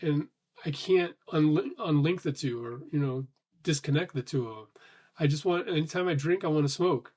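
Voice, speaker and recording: A man's voice: on the high side, moderate pace, darkish tone, breathy edge. A man in a casual thinking-aloud monologue who talks in loose, rambling restarts with some swearing and sounds a little short of breath. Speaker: vlogger.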